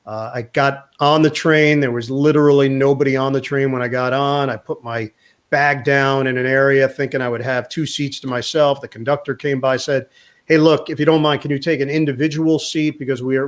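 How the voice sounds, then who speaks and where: A man, a sports broadcaster, telling an animated anecdote in a casual interview and quoting people along the way. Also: mid-range voice, moderate pace. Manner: animated anecdote teller, quotes others in voices.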